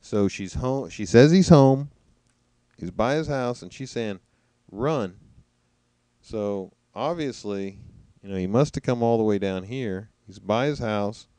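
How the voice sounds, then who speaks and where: A man's voice: on the low side, normal speed, hardly any pauses, a little mellow, clear, resonant tone, dry recording. A man giving casual spoken commentary over replayed clips, musing and now and then mocking what he hears. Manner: conversational, musing, mocking imitations. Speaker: commentator reacting to trial footage.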